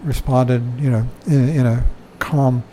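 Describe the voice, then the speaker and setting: A man's voice: mid-range voice, fairly even intonation, slow pace, warm tone, a little hiss or hum, poor audio. An older man giving a dharma talk, reading from a book and commenting in a conversational way, often chuckling and saying "you know".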